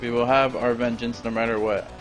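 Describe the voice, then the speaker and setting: Brief: a man reading a vengeful, scheming commander from a retro game, mid-pitched and plain, faint game music behind. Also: fairly quick, natural voice, low-quality recording. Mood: menacing. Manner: reads villain dialogue aloud flatly.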